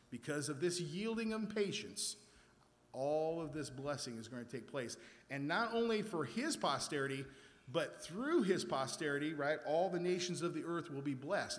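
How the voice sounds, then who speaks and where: A man leading a Bible study, reading scripture aloud and then explaining it with emphasis. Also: on the high side. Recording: echoey hall with faint ambience.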